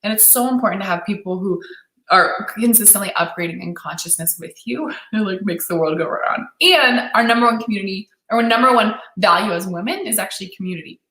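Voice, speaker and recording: A woman's voice: medium pitch, a little fast, pushed and bright. A young adult woman coaching on dating during a live-stream Q&A, enthusiastic and encouraging as she reads viewer comments aloud. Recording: echoey room.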